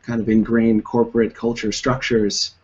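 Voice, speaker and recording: A man's voice: mid-range voice, flat delivery, moderate pace, a little mellow, husky, lo-fi sound. A man hosting an interview, asking curious, playful questions in a casual chat. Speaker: podcast host.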